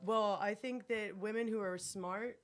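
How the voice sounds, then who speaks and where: A woman's voice: mid-range voice, fairly even intonation, unhurried, over a noisy crowd. Young female comedian, mid voice, argumentative, crude humor. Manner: frank, argumentative, crude jokes. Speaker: comedian guest. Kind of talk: casual podcast banter.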